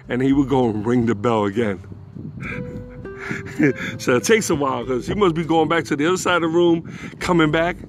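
A man telling a rambling, profane personal anecdote in a casual, animated way. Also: mid-range voice, moderate pace, pauses often, over music. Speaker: storyteller.

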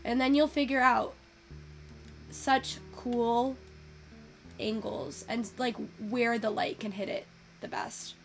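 A young woman giving casual, excitable commentary while taking in-game photos, swearing freely and gushing over what she sees. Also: a little high, takes it slowly, long pauses, soft background music. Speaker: virtual photography creator.

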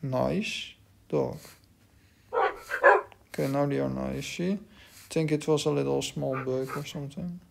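This stretch has the gaming commentator at medium pitch, fairly quick and creaky, holding a steady tone with few pauses. He addresses the dogs in the game casually, confused and self-mocking, over loud background noise.

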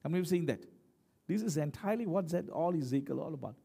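A man's voice: a little high, animated, fast, gravelly, mellow, slightly rough. A man preaching as pastor, emphatic, often asking the congregation questions. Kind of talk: sermon.

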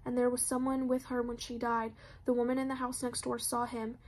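A woman's voice: fairly high pitch, flat delivery, a little fast, slightly rough. A woman voicing an anxious teenage girl who talks in a shaky, stammering way.

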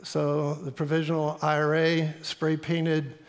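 A middle-aged pastor with a Midwestern accent, telling a story in a sermon in an earnest, halting way with fillers. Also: male voice, a little high, completely flat delivery. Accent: American Midwestern. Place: church sanctuary. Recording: long hall reverb in a church.

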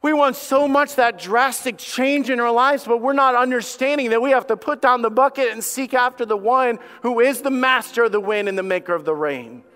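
A man's voice: normal speed, hardly any pauses, a bit bright, clean tone. A man preaching a sermon as pastor, impassioned, stammering over repeated words and acting out the voices of doubters. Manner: impassioned, acts out doubting voices with rising pitch.

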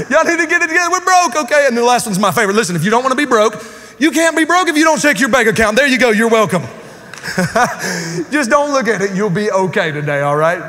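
A man with a high voice preaches a lively sermon, trading jokes with the congregation in casual slang. His voice carries a long reverb from the church hall around him. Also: a little fast. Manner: joking, conversational preaching with Southern slang. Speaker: pastor. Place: church sanctuary with live congregation.

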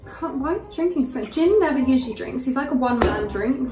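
A woman's voice: high voice, lively intonation, fast talker, distant mic. A young British woman chatting casually with her partner on camera during a drinking mukbang, blunt and teasing. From United Kingdom. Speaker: vlogger, one half of a couple. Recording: roomy sound from off-mic, music underneath.

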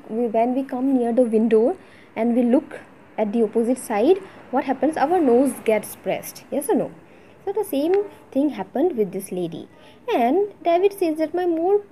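Teacher, lively questioning voice. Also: female voice, on the high side, slight background noise, poor audio. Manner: asks the class rhetorical questions like "yes or no?". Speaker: English teacher. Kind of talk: story lesson explaining a text.

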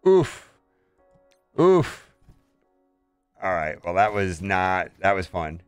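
A man's voice: deep voice, fairly even intonation, normal speed, fairly bright tone, clean tone, no echo, faint music behind. A man casually commenting on a mobile game as he plays, thinking aloud and often saying "all right".

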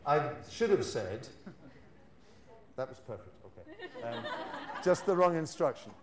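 A man's voice: on the high side, wildly swooping pitch, a little slow, a crowd in the background. A British man leading a live workshop, playfully coaxing the audience to repeat lines after him. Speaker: teacher trainer leading a workshop. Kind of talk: live classroom demonstration. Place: lecture hall with an audience.

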